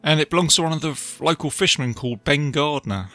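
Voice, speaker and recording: A man hosting a podcast, casually retelling a film with animated asides to his listeners. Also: fairly high pitch, quick pace, faint music behind. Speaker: podcast host reviewing a film. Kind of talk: casual film review talk.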